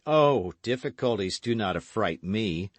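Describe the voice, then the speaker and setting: Eager young swordsman, impassioned, exclaims, lifted voice, lively swings as a male reader plays him, audiobook. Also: lowish voice, a little slow, no room sound. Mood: ardent, eager.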